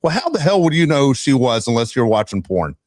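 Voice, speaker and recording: Man, sports podcast co-host, loud exasperated ranting, mid pitch, dry room. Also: sing-song, quick pace, dry recording. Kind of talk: casual sports podcast rant.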